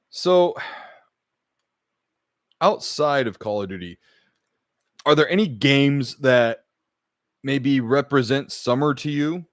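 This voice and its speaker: Frustrated swearing podcast host, dry sound. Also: male voice, medium pitch, no room sound. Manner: frustrated, swears often, talks to the live chat. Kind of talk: casual streamed podcast chat. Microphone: podcast microphone.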